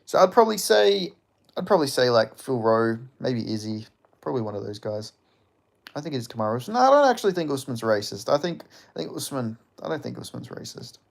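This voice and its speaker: Aussie streamer, male, mid-pitched, casual chat host, swears freely, jokey, laughs a lot. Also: big pitch swings, fast, vocal fry. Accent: Australian. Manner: loose and joking, swears often, laughs between lines. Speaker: livestream host. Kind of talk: casual livestream chat, reading viewer comments.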